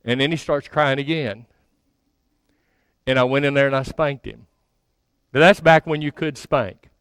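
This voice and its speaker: A man's voice: mid-range voice, a little slow, a bit bright, clear, resonant tone, no echo. A man in his sixties giving a sermon as a pastor, telling a story in a folksy, self-mocking way, often stammering and repeating words. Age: 60s.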